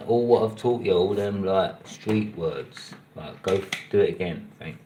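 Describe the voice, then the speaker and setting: A man, hosting a livestream and chatting casually with an AI, slangy and relaxed. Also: low-pitched, a little slow. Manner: slangy and relaxed, bursts into loud cheering. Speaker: livestream host. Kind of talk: casual chat with an AI. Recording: echoey room with faint noise.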